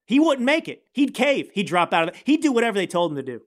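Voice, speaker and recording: A man's voice: sits high, big pitch swings, fast talker. A man hosting a political commentary podcast, ranting in a heated, indignant way. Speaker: podcast host.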